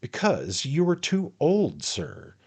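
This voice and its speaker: A man voicing a stout, spectacled older gentleman who speaks in a formal, stately and indignant manner. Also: lowish voice, very animated, unhurried, breathy edge, voice pushed up, exaggerated voice. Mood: stern.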